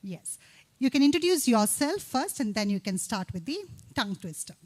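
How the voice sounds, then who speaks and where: Woman emcee, really high voice, upbeat, hypes up the crowd on a stage mic. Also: sing-song, darkish tone. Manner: upbeat, coaxing, rattles off tongue twisters fast. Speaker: event emcee. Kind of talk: lively stage hosting. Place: campus event hall.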